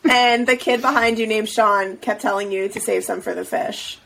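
Creaky upbeat woman podcast co-host. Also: mid-range voice, steady tone, moderate pace, a bit bright, slight background noise, low-quality recording. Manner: upbeat and teasing, laughs often. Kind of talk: casual podcast chat.

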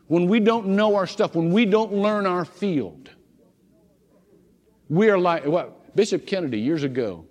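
Male pastor, lively pitch, fairly high voice, storytelling sermon, long church reverb. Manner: animated storytelling with repeated restarts. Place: church sanctuary.

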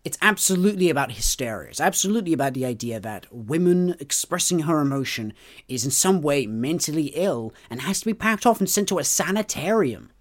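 A man's voice: fairly high pitch, animated, brisk. A man co-hosting a book podcast, chatting casually and giving his opinions with enthusiasm. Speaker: podcast co-host. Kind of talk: casual chat about a book.

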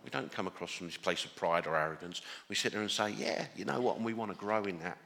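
A man's voice: lowish voice, fast talker, vocal fry, bright, forceful tone, long reverb tail. A man from Northern Ireland with an English accent, preaching a sermon as pastor, earnest, often restarting and building to emphatic declarations.

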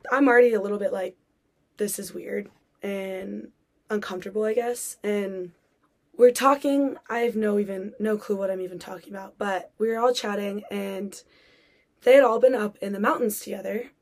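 A woman's voice: medium pitch, normal speed, a little mellow. A young woman hosting a podcast, telling a personal story in a chatty way with many fillers and acted-out quotes. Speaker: podcast host.

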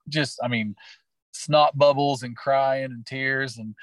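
A middle-aged man from Oklahoma who teaches and coaches, recalling his experiences in an earnest, heartfelt, meandering way. His voice sits at an ordinary pitch and is recorded close and dry. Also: steady tone, normal speed, no echo, low-quality recording. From Oklahoma, USA. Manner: earnest, heartfelt, rambling storyteller. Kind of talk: personal storytelling in an interview.

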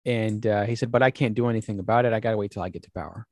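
Speaking rapid-fire in a fairly low pitch, this male podcast host tells stories on a casual show with no echo in the recording. He's animated, voices the quoted lines himself, and keeps restarting and dropping fillers.

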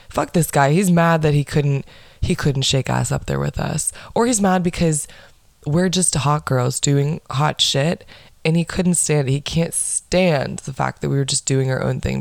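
Young female podcast host, casual rant-style storytelling, blunt and profane, lots of fry, dry close sound. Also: low voice, measured pace, a little mellow, dry recording.

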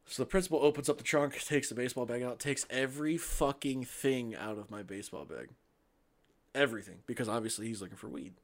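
A man's voice: mid-range voice, fast talker. A young man co-hosting a podcast, telling a story in a casual, profane, laughing way. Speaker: podcast co-host.

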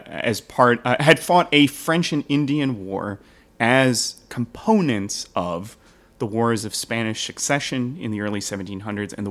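A man with a voice on the low side hosts a history podcast, explaining the past at length. His chat is relaxed and joking, and he laughs easily.

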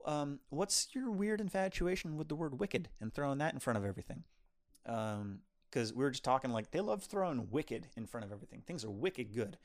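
A brisk man with a mid-range voice co-hosts a film review podcast. His talk is a casual chat, full of lively, rambling anecdotes.

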